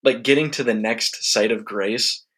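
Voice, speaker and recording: A man talking as a guest on a podcast in a relaxed, rambling way. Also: mid-range voice, measured pace, breathy edge. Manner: relaxed, rambling, restarts his sentences. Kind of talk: casual chat.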